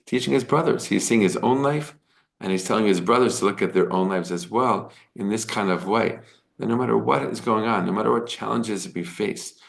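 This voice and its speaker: A man's voice: on the low side, vocal fry. A man giving a casual, earnest Torah lesson, retelling the story with quoted dialogue and often asking "right?". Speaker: Torah teacher.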